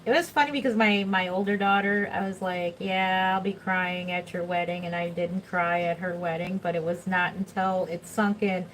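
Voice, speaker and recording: A woman's voice: fairly low pitch, fairly even intonation, normal speed, hardly any pauses, a bit bright, rough recording. Middle-aged lady rambling on her livestream, lots of laughing, bit of faint room noise. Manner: chatty, rambling, laughs often. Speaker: reborn doll artist. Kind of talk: casual livestream chat.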